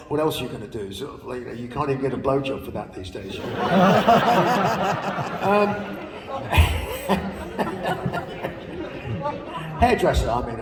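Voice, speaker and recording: An older man telling anecdotes to a live audience in a chatty, laughing way, with casual swearing. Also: medium pitch. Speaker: speaker at a live spoken-word show. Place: large theater stage. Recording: distant audience recording in a reverberant hall.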